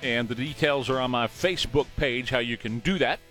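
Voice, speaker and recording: A man's voice: mid-range voice, a little fast, fairly bright tone, soft background music. A man hosting a morning talk radio show, opinionated and mocking.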